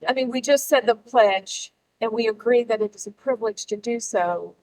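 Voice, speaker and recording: A middle-aged woman addresses a gathered audience in a rallying public speech. Her voice sits a little high, and she leans hard on key words with dramatic pauses between them. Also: darkish tone, rough recording. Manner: emphatic, rallying, with pauses for effect. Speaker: speaker at a political gathering.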